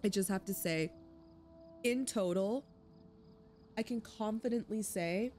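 A woman's voice: medium pitch, a little mellow, slight background noise. A young woman hosting a game playthrough, chatting in an emotional, enthusiastic way with plenty of fillers. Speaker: let's play host. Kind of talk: gaming commentary and wrap-up.

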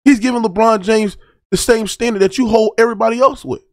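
Reaction host: heated man, high voice, dry close sound. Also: steady tone, fast, dry recording. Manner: heated, preachy, repeats "right?". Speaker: sports debate host. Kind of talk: reaction commentary.

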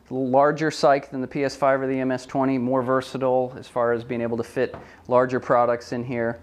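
A man's voice: medium pitch, slight background noise. Man explaining a product photo setup. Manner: relaxed, thinking aloud with frequent ums and self-corrections. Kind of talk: hands-on tutorial demonstration.

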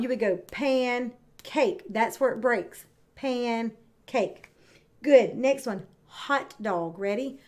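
A woman teaching kindergarten, speaking slowly and clearly with encouraging, drawn-out words for young children. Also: a little high. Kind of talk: read-aloud lesson for young children.

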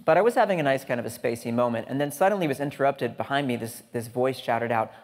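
Speaking quickly with few pauses at medium pitch, a man gives a humorous conference talk, chatting, joking, and addressing asides to the audience. The talk comes from the stage of a large lecture hall, and the hall reverb is audible.

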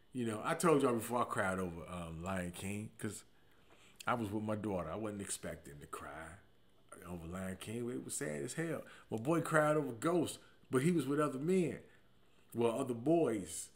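A man in his forties telling comic stories in a slangy, profane monologue, swinging between loud emphatic bursts and low muttered asides. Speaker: comedian. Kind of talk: comedic storytelling monologue.

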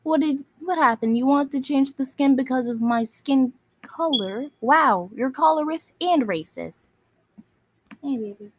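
A woman's voice: high-pitched, expressive, measured pace, darkish tone, a little hiss or hum. A woman delivering an angry, scolding rant at other video makers, insulting them and circling back to the same phrases. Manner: scolding, insulting, repeats itself.

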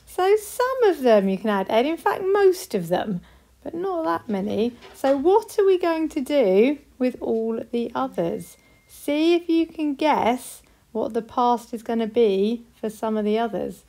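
British woman, primary teacher, patient and encouraging, models sentences slowly. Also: on the high side, expressive, mellow. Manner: slow, clear, encouraging, models example sentences. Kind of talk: recorded classroom lesson for young children.

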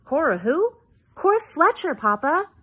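A woman voicing a fifteen-year-old girl in a read-aloud novel, pitching up for the girl's outbursts. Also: unhurried, full character voice. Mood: exasperated. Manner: raised pitch, excited and upset. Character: anxious, emotional teenage girl heroine.

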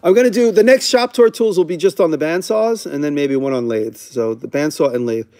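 Guy doing a loose live q&a, kinda rambly, cuts himself off a lot, dark relaxed voice. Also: on the high side, a little fast. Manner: rambling, self-interrupting, candid. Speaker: host answering viewer questions. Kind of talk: casual livestream Q&A.

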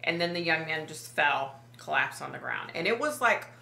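Low-voiced woman, halting emotional vlog retelling. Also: animated, creaky, bright, forceful tone, echoey room. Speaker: psychic medium vlogger. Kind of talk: personal vlog storytelling.

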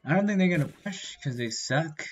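A gaming creator doing casual let's-play commentary, excitable and slangy, blurting reactions and yelling at other players. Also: medium pitch, fairly quick, highs cut off, slight background noise. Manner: slangy gamer talk.

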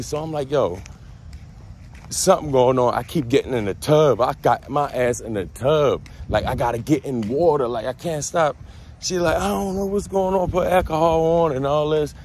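A man's voice: medium pitch, slight background noise. A man with a Baltimore accent telling a profane, slangy story outdoors while walking. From Baltimore, USA. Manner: loose, profane street slang, animated retelling. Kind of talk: casual storytime vlog. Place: outdoors on a walk.

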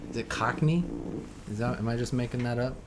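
A podcast host talks briskly in a mid-range voice, with background noise audible through his streaming mic. He's chatting casually about movie trailers, rambling, filling gaps with fillers, and doubting himself.

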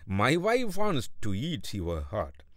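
A man's voice: medium pitch, huge pitch swings, slow, no room sound, studio quality. A man voicing a male crocodile who lures his monkey friend to get his heart, in a storybook reading. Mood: worried, scheming. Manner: blustery, chuckling. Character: treacherous male crocodile, torn then scheming.

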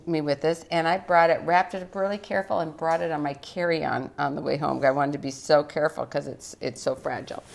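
A woman's voice: low voice, gravelly, fairly bright tone. An older woman hosting a live children's cooking show, chatty and encouraging, laughing often.

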